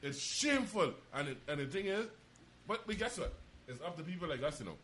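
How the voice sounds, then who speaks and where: A man's voice: on the high side, sing-song, brisk, a bit bright, breathy edge. A man in a casual podcast chat, making insistent points and repeating his phrases for emphasis. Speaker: podcast co-host.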